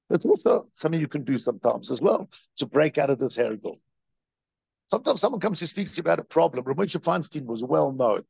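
A man's voice: on the high side, animated, fast talker, vocal fry, darkish tone, husky, no echo, poor audio. A man, a rabbi, giving a Torah lecture, telling stories with lots of repetition and rhetorical questions.

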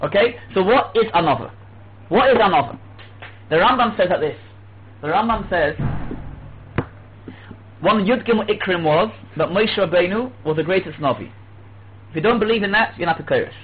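A man teaching a religious lesson, telling stories lively and acting out quoted dialogue. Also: high voice, normal speed, pauses often. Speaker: Torah teacher. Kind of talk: religious lecture. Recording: tinny phone-like with faint hum.

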